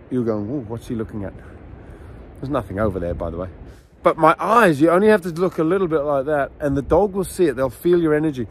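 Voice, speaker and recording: A middle-aged man, a dog trainer, teaching outdoors near a beach in a casual, animated storytelling way. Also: fairly high pitch, slight background noise. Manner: animated storyteller, acts out scenes. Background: faint outdoor ambience with waves.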